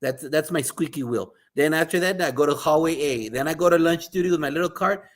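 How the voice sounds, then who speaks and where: A man's voice: fairly high pitch, a little fast. A man in his fifties, a school administrator, talking animatedly as a podcast guest and repeating his words like a coach giving a pep talk. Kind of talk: casual interview talk.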